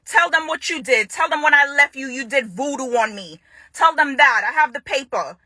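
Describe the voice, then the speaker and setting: A woman's voice: high voice, lively intonation, moderate pace, pushed and bright, no room sound. A young woman angrily confronting someone in an unscripted video statement, repeating lines for emphasis. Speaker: vlogger making a public statement. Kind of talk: unscripted direct-to-camera statement.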